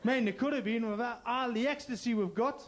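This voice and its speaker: A man's voice: very high voice, fairly quick. A man from Gateshead with a Geordie accent doing a crude, punchy stand-up set and bantering with the crowd. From Gateshead, North East England. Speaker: stand-up comedian.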